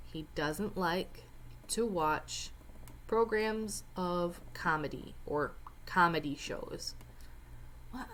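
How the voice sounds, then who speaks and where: A woman's voice: deep voice, slow pace, a little hiss or hum. A woman teacher explaining a Spanish reading step by step, with chatty joking asides. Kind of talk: recorded lesson walkthrough.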